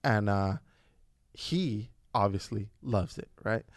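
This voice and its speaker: A man's voice: on the low side, slow, no echo. Swearing storyteller man, dry close mic. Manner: animated storyteller, swears a lot, acts out his kids' voices. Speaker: podcast co-host. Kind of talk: casual chat.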